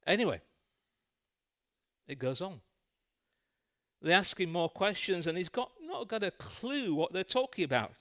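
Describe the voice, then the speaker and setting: A man's voice: sits high, very animated, unhurried, long pauses, pushed and bright. A man preaching a sermon in a church, telling a light-hearted story.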